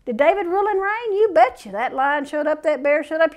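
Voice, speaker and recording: A woman's voice: sits high, lively intonation, a little fast. A woman preacher delivering a sermon, reading scripture aloud and breaking into folksy, fiery asides.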